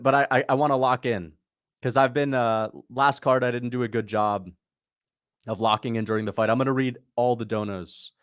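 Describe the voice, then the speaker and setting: A man with a mid-range voice hosts a casual livestream, giving live commentary as he reacts to a fight. He chats with his viewers and bursts into excited shouts at the big moments.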